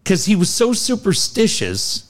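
Male host, swears freely, animated range, slightly high voice, loose studio chat. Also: measured pace. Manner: profane storytelling, animated quoted voices. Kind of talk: casual chat.

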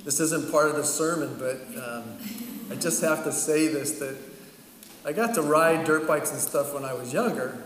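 A man's voice: on the high side, normal speed, a bit bright, recorded from a distance. A middle-aged man preaching a sermon, telling a personal story in a casual, chatty way with frequent laughter. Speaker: pastor. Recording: echoey hall, voice from afar, faint ambient noise.

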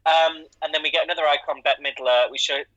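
A man's voice: fairly high pitch, steady tone, fast, fairly bright tone, lo-fi sound. A man co-hosting a podcast in casual chat, chatty and jokey with casual swearing. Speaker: podcast co-host.

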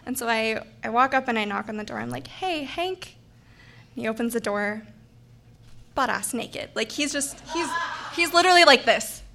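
A young woman telling a funny personal story on stage, animated and laughing, acting out the voices of the people in it. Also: on the high side, brisk, creaky, a little hiss or hum. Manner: animated, acts out quoted voices, laughs often.

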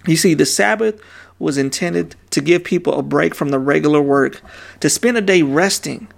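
Male pastor, 30s, gravelly fry, casual street-talk sermon delivery. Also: fairly high pitch, normal speed. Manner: casual, conversational preaching with slang asides.

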